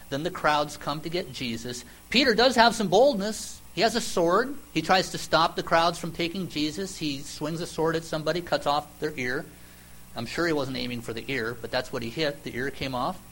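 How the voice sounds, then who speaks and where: A man preaching a sermon, retelling the story in a conversational, emphatic way with dramatic pauses and repeated questions. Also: mid-range voice, a bit bright, a little hiss or hum, poor audio.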